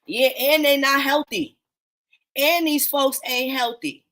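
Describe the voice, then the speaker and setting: Woman going off on a live talk room, kinda high voice, cussing a lot, blunt and loud about it. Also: takes it slowly. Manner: blunt, animated, swears often, talks to listeners as y'all. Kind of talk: casual profane commentary.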